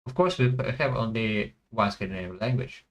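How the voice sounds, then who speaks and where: A man thinking aloud as he plays a language guessing game, hesitant and full of pauses and fillers. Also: fairly low pitch, animated, poor audio. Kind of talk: thinking aloud while playing.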